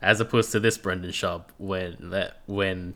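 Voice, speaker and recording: Chill guy with a bright, slightly low voice, chatty podcast cohost. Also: fairly even intonation, a little slow. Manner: laid-back storytelling, acts out quotes, laughs often. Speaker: podcast co-host reviewing a reality show. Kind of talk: casual chat.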